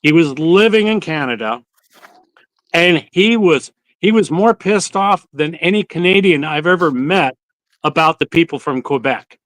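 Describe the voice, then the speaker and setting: A man's voice: a little high, expressive, a little slow, fairly bright tone, dry recording, poor audio. A man hosting a casual live-stream chat, telling rambling stories and swearing casually. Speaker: host of a barbecue channel livestream.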